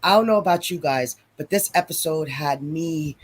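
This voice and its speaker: Playful woman co-hosting a stream. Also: deep voice. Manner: playful, quick to agree and joke. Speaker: livestream co-host. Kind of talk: casual livestream chat.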